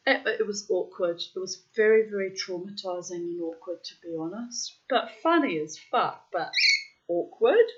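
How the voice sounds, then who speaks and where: A woman's voice: mid-range voice, measured pace. A middle-aged woman with a frank, profane manner, reading from her diary and chatting casually between entries. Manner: frank and profane, breaks into loud laughter. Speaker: diarist reading her journal aloud. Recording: dull, lo-fi sound.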